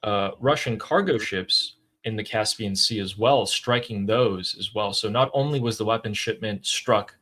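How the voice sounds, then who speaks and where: A man with a fairly low voice co-hosts a political talk show. He walks through the news in an emphatic, casual way, leaning on points as he goes. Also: normal speed, hardly any pauses, pushed and bright. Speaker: political commentary co-host.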